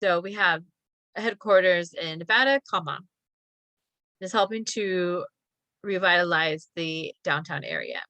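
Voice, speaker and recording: Bright-voiced woman teaching punctuation. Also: lowish voice, moderate pace, dry recording. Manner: reads sentences aloud and names each comma; chatty asides about a company. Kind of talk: classroom lesson, reading practice sentences aloud.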